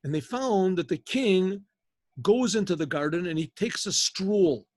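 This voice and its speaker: A rabbi telling a story in a loose, conversational way, halting and repeating words over a video call. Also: male voice, high-pitched, lively intonation, darkish tone, no echo. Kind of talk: informal oral storytelling.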